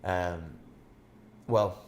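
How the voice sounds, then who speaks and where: Low-voiced hesitant man. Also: steady tone, drawn-out words, slight background noise. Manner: hesitant, lots of fillers, reflective. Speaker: podcast co-host, men's coach. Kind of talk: casual chat.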